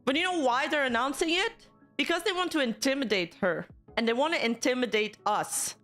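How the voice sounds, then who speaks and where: A woman's voice: high voice, lively intonation, fairly bright tone, faint music behind. A woman VTuber streamer talking to her chat live, heated and swearing as she rants. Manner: heated, swearing, talks fast in bursts. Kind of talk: live stream commentary rant.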